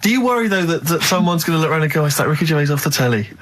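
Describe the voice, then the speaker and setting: A man's voice: a little high, lively intonation, racing, a bit bright, a little hiss or hum. A man, co-hosting a radio show with dry, sarcastic remarks. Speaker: radio co-host. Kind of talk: casual studio banter. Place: radio studio.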